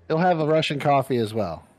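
A man playing his character in a tabletop game. His pitch swings widely and his tone is jokey, with easy laughter running through his lines. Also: very animated, normal speed, a little mellow. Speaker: player.

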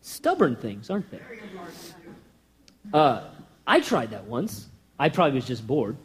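At a measured pace, a man with a medium-pitched voice that swoops wildly preaches a passionate sermon. He poses rhetorical questions and alternates loud bursts with quiet, hushed passages.

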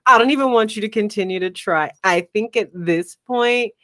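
A woman co-hosting a podcast, telling stories in an animated way, laughing often and swearing in casual chat. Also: medium pitch, normal speed. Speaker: podcast co-host.

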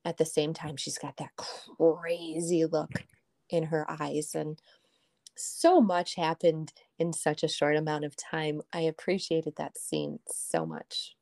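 Slow, thoughtful woman discussing a film. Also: sits low, animated, warm tone. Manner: thoughtful, laughs easily.

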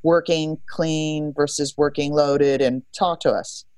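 A woman co-hosting a casual podcast, blunt, profane and quick to laugh. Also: low voice, fairly even intonation, mellow, no echo. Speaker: podcast co-host.

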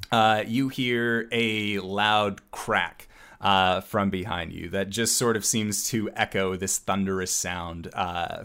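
A man narrating a tabletop game as game master, halting often with filler sounds. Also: sits low, a bit bright, smooth.

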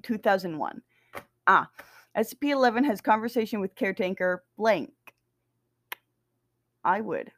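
A woman's voice: medium pitch, no room sound. Chatty woman reading aloud, dry sound. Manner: chatty, swears, laughs, stumbles over dates. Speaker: reader of SCP documents. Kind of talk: casual reading aloud with asides.

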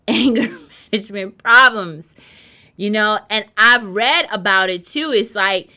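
A woman's voice: mid-range voice, pushed and bright. A woman hosting her own show, giving a chatty monologue and talking straight to her listeners. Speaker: show host. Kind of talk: casual talk show monologue.

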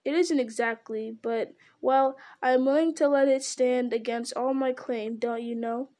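A woman reading a storybook aloud, voicing a fussy, polite male hobbit who speaks in a prim, businesslike way, in a higher, mellow voice. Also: fairly even intonation, measured pace.

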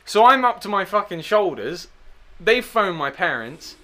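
A young man tells a story at a casual chat. His voice sits a little high and sounds bright and forceful. He swears freely, stays animated and makes fun of himself. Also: measured pace. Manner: sweary, animated, self-mocking. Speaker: podcast guest storyteller.

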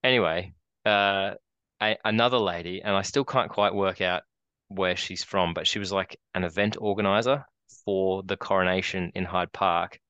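A man's voice: low voice, steady tone, normal speed, bright, forceful tone, smooth, dry recording, highs cut off. An Australian man in his forties, co-hosting a podcast and telling a long rambling story with many restarts. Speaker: podcast co-host. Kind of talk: casual chat.

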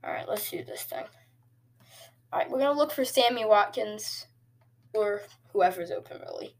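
A woman hosting casual video game commentary, excitable and jokey, with sudden cheers and quiet asides. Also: mid-range voice, moderate pace, creaky. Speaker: host.

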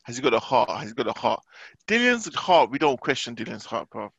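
A young man, chatting casually and telling stories in an animated, excitable way. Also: mid-range voice, fairly quick, vocal fry, slightly rough, muffled recording. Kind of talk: casual chat.

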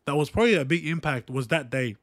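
Fast and expressive, this podcast host's voice sits on the high side with a touch of brightness, captured in a clean, dry studio recording. The young Australian rambles earnestly through a personal story in a casual motivational monologue, repeating himself and tossing in "right?" and "guys" to his listeners.

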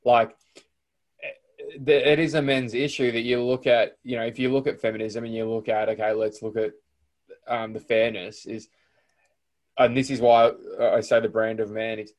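A man's voice: mid-range voice, little pitch movement, moderate pace, pauses often, a little mellow. A man with an Australian accent hosting a podcast, talking in a loose, rambling way full of restarts. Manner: rambling, lots of fillers and restarts. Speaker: podcast host. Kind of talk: casual interview chat.

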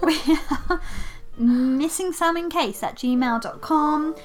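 Woman, British, podcast co-host, high voice, giggly, playful, music bed. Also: slow. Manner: giggly, playful, talks through ideas aloud. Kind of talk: casual chat.

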